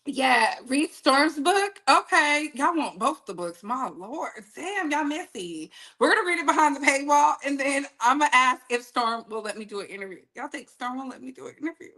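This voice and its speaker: A woman hosting a casual gossip livestream, animated and laughing often as she talks straight to her chat. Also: high-pitched, moderate pace, few pauses.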